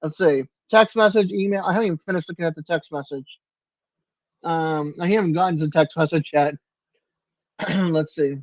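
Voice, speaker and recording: A man's voice: a little high, normal speed, long pauses, no room sound, dull audio. An older man hosting a casual livestream from his apartment, answering viewers by name in a chatty way. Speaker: livestream host.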